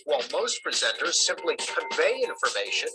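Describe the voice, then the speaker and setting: A man's voice: fairly high pitch, sing-song, moderate pace, music in the background, rough recording. A man giving polished, scripted narration from a video played to the class. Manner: polished, explanatory.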